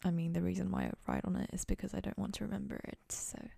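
Speaking fast at medium pitch with little pitch movement, a young woman shows vocal fry in a mellow voice. She's the host of a casual solo podcast from her dorm room, rambling goofily and mocking herself, in clean studio sound with no room sound.

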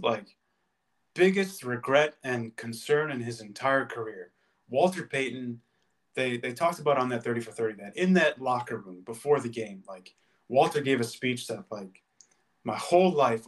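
A man's voice: medium pitch, moderate pace. A man co-hosting a podcast, making his case in a casual sports debate with passion and emphasis. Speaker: podcast co-host.

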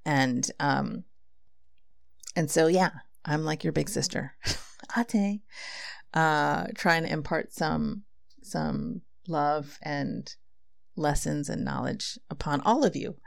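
A woman's voice: low-pitched, slow pace, gravelly, pauses often, no room sound, clean studio sound. A woman hosting a podcast, talking in an earnest, reflective way and reading poetry aloud. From Filipino heritage. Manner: earnest and reflective, with frequent fillers. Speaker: podcast host.

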